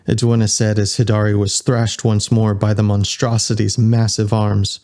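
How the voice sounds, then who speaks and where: A man reading a science fiction audiobook as its narrator, in an even storytelling delivery. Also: on the low side, moderate pace, few pauses. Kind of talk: scripted narration.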